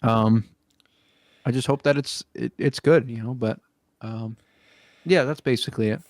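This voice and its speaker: A man's voice: mid-range voice, moderate pace, a little mellow, no echo. A young man hosting a podcast, talking in a rambling, casual way with lots of swearing and fillers. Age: young adult. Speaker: podcast host. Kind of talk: casual chat.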